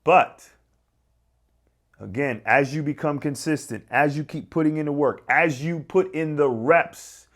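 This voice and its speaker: High-voiced emphatic male fitness coach. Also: a little slow. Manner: emphatic, repetitive, energetic coaching. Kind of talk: motivational talk to camera.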